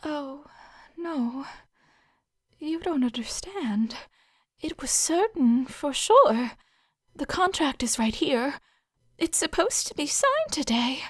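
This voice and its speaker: A woman voicing a high-pitched alien saleswoman. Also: lively intonation, takes it slowly, no room sound, studio quality. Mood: panicked. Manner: chatty, overly earnest salesperson patter. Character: pushy flustered alien woman selling Mars land.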